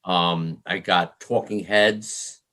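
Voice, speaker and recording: In a low voice with drawn-out words, a middle-aged man from New York shares anecdotes as a musician guest in an interview. Lively throughout, he imitates the people he quotes and keeps breaking into laughter.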